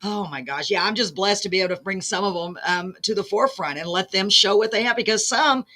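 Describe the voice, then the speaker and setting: A woman hosting a music show, gushing with effusive praise and losing her voice, clearing her throat now and then. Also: medium pitch, a little fast, pushed and bright. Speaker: show host. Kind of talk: casual interview chat.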